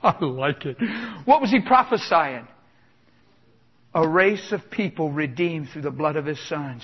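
A man's voice: sits high, moderate pace. A man preaching a sermon with exuberant, emphatic delivery, chuckling between points. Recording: dull lo-fi sound with long hall reverb.

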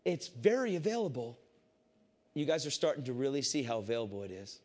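A man giving a casual, animated Christian testimony to a group. He swings between loud excitement and hushed intensity. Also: mid-range voice, brisk. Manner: casual, repeats "I said" often. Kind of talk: testimony storytelling to a crowd.

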